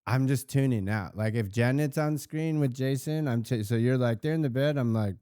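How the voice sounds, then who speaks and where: A man's voice: mid-range voice, moderate pace, smooth, dry recording, clean studio sound. A man co-hosting a podcast, ranting bluntly and profanely in casual chat about a reality show. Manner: blunt, profane, animated rants. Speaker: podcast co-host.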